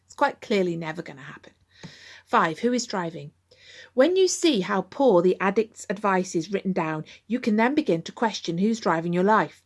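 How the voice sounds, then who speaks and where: Woman, middle-aged, candid and chatty, recovery podcast host. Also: mid-range voice. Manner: candid, conversational. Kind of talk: podcast monologue.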